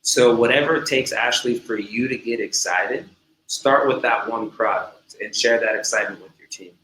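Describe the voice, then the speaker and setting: A man's voice: medium pitch, moderate pace, pushed and bright. A man who runs a salon, talking business in an enthusiastic, conversational way on a remote call. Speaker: salon owner and co-host. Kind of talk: casual business talk. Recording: echoey room with faint hum.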